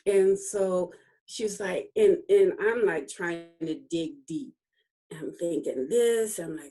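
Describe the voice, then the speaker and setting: A woman's voice: fairly low pitch, takes it slowly, breathy edge. A middle-aged woman, a guest author, telling a personal story in a casual interview, acting out the dialogue and laughing often as she remembers. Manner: animated storytelling, acts out quoted dialogue; laughs often while recalling.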